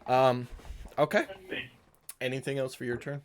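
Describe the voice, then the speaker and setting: A man's voice: mid-range voice, flat delivery, normal speed. A man running a tabletop game online as game master, explaining rules in an easygoing, patient way.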